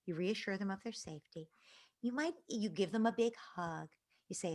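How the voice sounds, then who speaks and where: Earnest woman explaining parenting gently. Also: fairly low pitch, a little fast. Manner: earnest, explanatory, drops to soft whispers when quoting a parent. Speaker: parenting expert. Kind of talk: answering audience questions.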